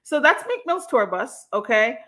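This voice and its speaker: A woman's voice: fairly high pitch, sing-song, moderate pace, sharp tone. A woman hosting a livestream, reacting to a clip in a casual, slangy way and laughing often. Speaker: livestream host.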